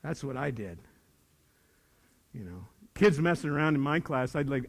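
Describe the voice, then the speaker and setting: A man in his sixties, a retired teacher, gives a folksy, plainspoken talk to high school students, swinging from loud to hushed. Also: expressive, moderate pace, vocal fry. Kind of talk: motivational speech to students. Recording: long reverb of a large hall.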